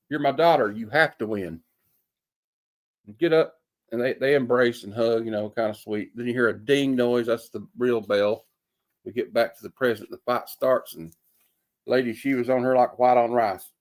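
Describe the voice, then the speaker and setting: A man's voice: mid-range voice, fairly even intonation, normal speed. Brief: man in a mid-range voice, laid-back comic reviewer, hesitant and full of fillers, homespun turns of phrase. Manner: rambling, hesitant with many fillers; folksy sayings.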